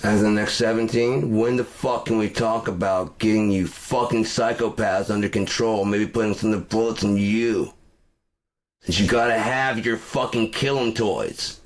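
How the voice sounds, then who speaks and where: A man ranting angrily to camera, swearing constantly and breaking into shouts. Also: on the low side, moderate pace. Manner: profane and furious, shouting at times. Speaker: vlogger. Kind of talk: angry political rant.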